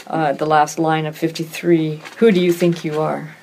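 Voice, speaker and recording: A woman's voice: low voice, flat delivery, moderate pace, a little mellow, slight background noise. A woman in a group Bible discussion who explains scripture thoughtfully and often restarts her sentences. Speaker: Bible study participant.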